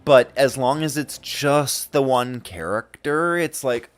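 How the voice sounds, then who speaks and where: A man's voice: medium pitch, takes it slowly. A man streaming a game and chatting casually, laughing often and swearing now and then. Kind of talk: casual commentary while gaming.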